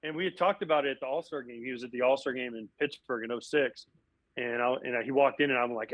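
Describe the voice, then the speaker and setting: A man, a former baseball catcher and broadcast analyst, telling animated stories from his playing days in a casual interview, often acting out what people said. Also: medium pitch, very fast, no room sound, low-quality recording. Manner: animated, acts out quotes.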